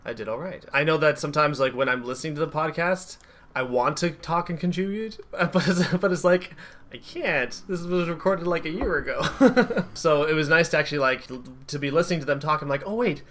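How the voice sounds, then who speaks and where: Young male podcast co-host, bright forceful voice, easygoing, laughs a lot. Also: fairly high pitch, a little fast. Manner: relaxed, chatty, laughs often. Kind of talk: casual chat.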